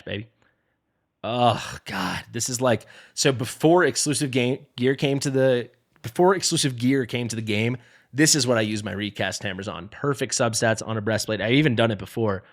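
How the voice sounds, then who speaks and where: A man streaming a mobile game live, joking and playfully dramatic as he sorts through gear. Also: on the low side. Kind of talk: live gameplay commentary.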